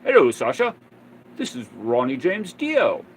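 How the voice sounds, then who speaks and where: A man's voice: mid-range voice, wildly swooping pitch, a little slow, slight background noise, low-quality recording. A man putting on a gracious rock star on the phone. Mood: formal congratulation. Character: famous rock singer phoning a fan, formal and gracious.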